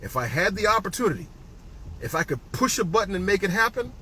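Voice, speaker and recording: A man hosting a heated talk from his car, ranting and swinging between loud jabs and muttered asides. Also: high voice, big pitch swings, quick pace, rough recording. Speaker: executive director hosting a ride-along talk. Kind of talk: heated monologue recorded while driving. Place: inside a car. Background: faint vehicle noise.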